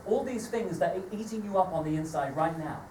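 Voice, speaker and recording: A woman's voice: fairly low pitch, expressive, a little fast, dark tone, close to an everyday voice. A woman playing a caring young adult son, earnestly pleading on a live theatre stage. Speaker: amateur stage actor. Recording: echoey theatre stage from far off, noise.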